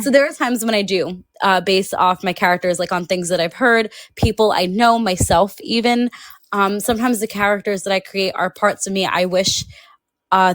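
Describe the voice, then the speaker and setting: A woman's voice: medium pitch, a bit bright, dry recording. A woman in her thirties, an author being interviewed, talks in a chatty, laughing way and acts out quotes. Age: 30s. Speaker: author guest. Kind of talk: casual interview chat.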